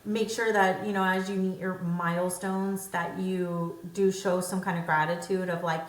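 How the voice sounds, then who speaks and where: A woman co-hosting a podcast in casual chat, animated, jumping high in pitch when acting out her own thoughts. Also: moderate pace, few pauses. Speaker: podcast co-host. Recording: echoey room, off-mic, faint background hum.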